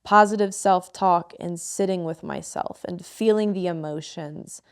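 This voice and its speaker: Candid woman telling a raw story, lowish voice. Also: measured pace, smooth. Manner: emotional, frank storytelling with frequent swearing. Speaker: podcast co-host. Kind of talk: candid podcast conversation.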